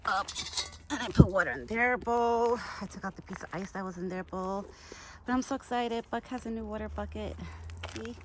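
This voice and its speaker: A woman's voice: mid-range voice, moderate pace, background noise. A woman vlogging outdoors while feeding a deer, chatty and bubbly, laughing often and a little out of breath. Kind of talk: casual outdoor vlog. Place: outdoors in a yard.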